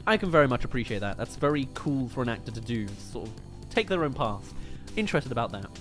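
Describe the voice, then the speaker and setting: A man's voice: medium pitch, sing-song, fast talker, fairly bright tone, soft background music. A British man hosting a movie review livestream, chatting casually and joking as he answers viewer comments.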